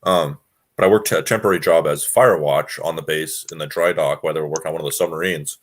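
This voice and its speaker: Chill dude from washington, deep voice, casual swearing chat. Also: male voice, steady tone, fast talker. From Washington state, US. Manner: laid-back, swears freely, laughs often.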